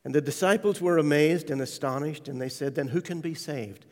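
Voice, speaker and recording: A man's voice: a little high, brisk. Preacher man in a reverberant hall. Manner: testimony told with hushed, tender passages and sudden loud acted quotes. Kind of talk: sermon.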